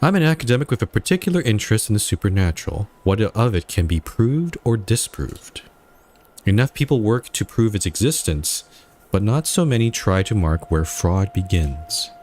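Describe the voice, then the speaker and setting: A man putting on a French accent to read the lines of a formal French gentleman in a game. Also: lowish voice, big pitch swings, moderate pace. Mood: earnest. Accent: put-on French.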